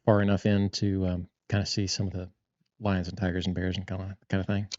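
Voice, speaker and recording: A man's voice: deep voice, little pitch movement, a little fast, darkish tone, dry recording. A man hosting a podcast, asking loose follow-up questions and chiming in with short reactions. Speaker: podcast host. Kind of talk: casual interview chat. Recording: dull, lo-fi podcast audio.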